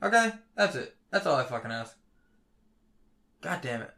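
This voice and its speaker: A young man ranting heatedly on a casual podcast, swearing constantly and swinging between loud outbursts and low mutters. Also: lively intonation, moderate pace. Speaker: podcast co-host.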